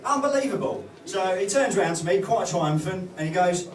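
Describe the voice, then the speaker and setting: A man's voice: high voice, lively intonation, brisk. A man doing a stand-up comedy set, rambling and hesitant with many fillers and restarts. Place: comedy club stage. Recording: roomy club sound from far off, loud crowd. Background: audience laughter.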